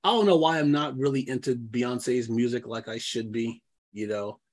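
A man's voice: mid-range voice, moderate pace. A man from New York co-hosting a podcast in casual chat, rambling with many fillers. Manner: rambling, filler-heavy, restarts often. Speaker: podcast co-host.

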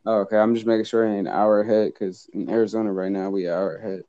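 A man's voice: fairly low pitch, little pitch movement, very fast, mellow. A man hosting a podcast in casual chat, laid-back and slangy with a lot of swearing. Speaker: podcast host. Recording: dull lo-fi audio.

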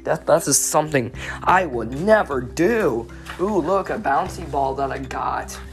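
A young woman rambling on her own podcast at home, stuttering and repeating words, self-mocking and bursting out loud between mumbles. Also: low-pitched, expressive, unhurried, faint music behind. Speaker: podcast host. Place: home recording studio room with her dog.

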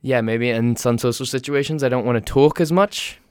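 A young man from England with an English accent softened by years in North America, talking in a casual, rambling, self-deprecating monologue. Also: mid-range voice, normal speed, clean tone, dry recording, studio quality.

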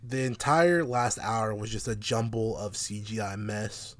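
A man's voice: fairly low pitch, measured pace, no room sound. A man co-hosting a casual podcast about a movie, swearing freely and laughing often as he rants. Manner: animated, profane, laughing often. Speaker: podcast co-host. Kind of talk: casual movie review chat.

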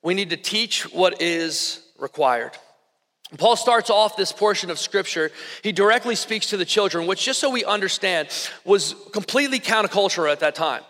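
A man in his thirties preaching a sermon, telling personal stories in an animated, conversational way with many fillers. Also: sits high, moderate pace. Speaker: pastor. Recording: echoey hall with long reverb.

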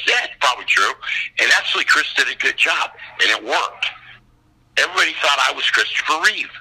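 Husky, bright-voiced older man. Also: on the high side, fairly quick, low-quality recording. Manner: profane, animated storyteller. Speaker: guest actor. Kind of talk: casual chat on a call.

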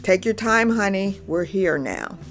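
A woman voicing a protective farmer father who speaks in a steady, soothing way. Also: medium pitch, measured pace, soft background music.

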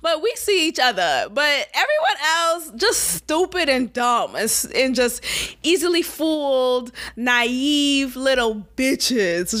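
A woman hosting her own podcast, giving blunt, sassy commentary with sudden emphatic jumps in pitch. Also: sing-song, slow pace, pushed and bright. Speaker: podcast host. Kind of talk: casual opinion commentary.

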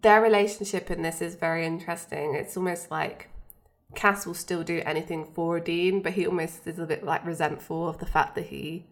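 Chatty woman with a lowish voice. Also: steady tone, brisk. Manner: chatty, lots of fillers, laughs easily. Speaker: podcast co-host. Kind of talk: casual chat recapping a TV episode.

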